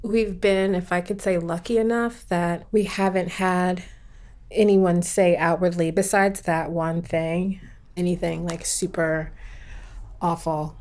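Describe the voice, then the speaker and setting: A woman in casual conversation, telling a personal story in an animated, emphatic way with many fillers. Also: lowish voice, unhurried. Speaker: partner sharing a personal story.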